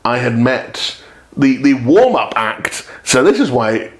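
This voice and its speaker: A man casually telling a long anecdote as a podcast guest, lively and self-deprecating, acting out other people's voices. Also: slow. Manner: animated storyteller who acts out quoted voices with sudden high jumps.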